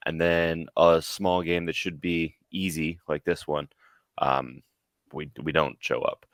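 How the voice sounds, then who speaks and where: A man's voice: rumbling low, little pitch movement, measured pace, fairly bright tone, no room sound. A tired man co-hosting a football podcast, ranting with frustration and repeating words. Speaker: podcast co-host. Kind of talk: casual football podcast rant.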